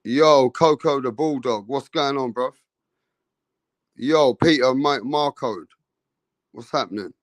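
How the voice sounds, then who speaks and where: A man's voice: medium pitch, slow pace, pauses often, dry recording. A man hosting a casual boxing livestream, greeting viewers in the chat by name in slangy talk.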